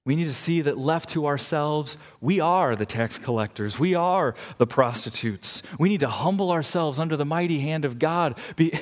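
A man pastor delivers an earnest sermon in a church, telling stories to press his point. His voice sits somewhat high. A long hall reverb trails every phrase. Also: normal speed, few pauses. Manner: earnest, illustrative storytelling, rising intensity.

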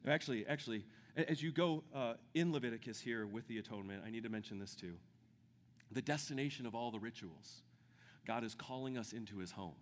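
A man preaching a sermon with great enthusiasm, dropping to a hush and then building to shouts. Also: medium pitch, in a large hall, slight background noise. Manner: enthusiastic, swings from hushed to shouting. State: out of breath. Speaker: pastor.

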